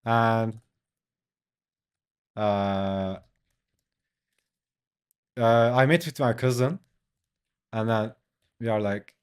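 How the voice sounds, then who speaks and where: Slow, laid-back man telling a story. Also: fairly low pitch, steady tone, clean tone. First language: not English. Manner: laid-back, leans on "like", swears, laughs often. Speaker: artist streaming while drawing a comic. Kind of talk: casual storytelling.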